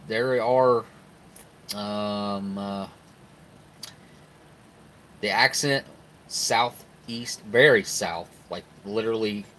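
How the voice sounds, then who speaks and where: Reviewing military rations on a casual live stream, a middle-aged man with a southern Ohio Appalachian accent rambles folksily and reads comments from viewers aloud. His lowish voice has a sharp tone, and the poor audio carries a little hiss or hum.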